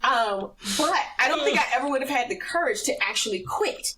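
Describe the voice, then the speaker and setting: A middle-aged woman telling a personal faith story as a podcast guest, animated and often laughing. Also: sits high, fairly quick, far from the mic, low-quality recording. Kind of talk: personal testimony in casual conversation.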